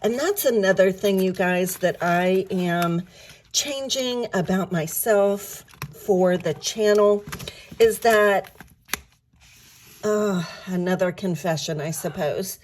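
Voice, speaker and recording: A woman vlogging about budgeting in a casual, upbeat way, counting bills aloud, her voice a little rough from the early morning. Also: mid-range voice, slow, a little mellow, slight background noise. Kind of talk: casual chat to viewers.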